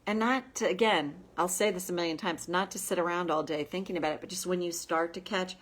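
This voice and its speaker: A woman coach giving a gentle, frank self-help talk to her viewers. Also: on the low side, steady tone, brisk.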